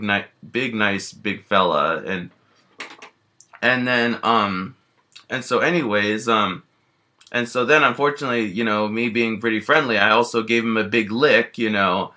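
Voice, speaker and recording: A man tells a meandering first-person story as a bear character, circling back with frequent restarts and "you know" fillers. His voice sits a little low but has a bright, tense edge.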